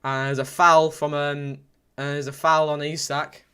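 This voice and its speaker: Over a noisy background, a young man with a rather high voice commentates a football game for his stream at a measured pace. He's excitable and repetitive, reading chat aloud and yelling at the key moments.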